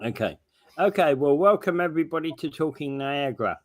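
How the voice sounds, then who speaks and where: A man's voice: fairly high pitch, lively intonation, brisk. A man hosting a casual morning talk show, teasing his co-host dryly and stumbling through news details with lots of fillers.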